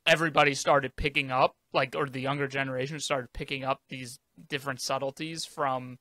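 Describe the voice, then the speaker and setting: A man co-hosting a casual movie podcast, animated and laughing easily as he tells anecdotes. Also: medium pitch, fairly quick, no room sound. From United States. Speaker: podcast co-host. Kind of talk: casual chat.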